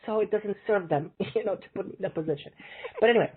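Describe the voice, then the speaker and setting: A woman telling animated, chatty anecdotes as a guest on a casual interview, heard over a remote call. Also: medium pitch, rapid-fire, husky. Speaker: psychic medium guest. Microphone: remote call line. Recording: tinny call audio.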